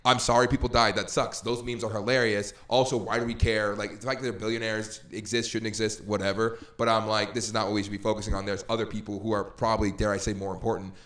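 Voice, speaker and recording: Animated rambling male podcast host. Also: fairly low pitch, fast, few pauses, echoey room. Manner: animated and rambling, laughs often, slips into mocking voices. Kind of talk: casual podcast chat.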